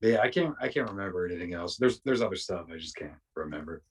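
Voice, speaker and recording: A man's voice: deep voice, lively intonation, quick pace, breathy edge, distant mic. A man, a podcast guest, telling rambling, profane anecdotes casually, with lots of restarts. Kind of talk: casual storytelling.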